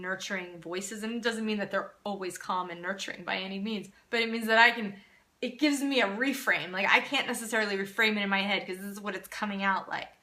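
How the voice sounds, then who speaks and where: Her pitch is medium and her tone sharp. She's a parenting coach on a casual live-stream Q&A who encourages people earnestly and often backs up to restart a sentence.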